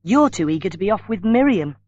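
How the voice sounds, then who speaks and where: A man's voice: high voice, sing-song, brisk, darkish tone, lo-fi sound, voice pushed up. A man voicing a young woman who reproaches her brother, tearful and accusing.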